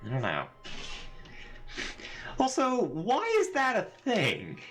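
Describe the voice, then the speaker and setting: A man's voice: high voice, wildly swooping pitch, slow pace, a bit bright. A man giving sarcastic, profane, rambling commentary while playing a video game. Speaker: gaming channel host. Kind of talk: let's play commentary. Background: faint game music.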